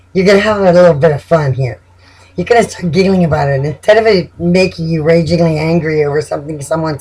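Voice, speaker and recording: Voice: mid-range voice, a little mellow, husky, low-quality recording. Laughing, chatty tarot reader. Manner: chatty, laughs often, amused; repeats words and restarts while thinking. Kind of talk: casual spoken tarot reading.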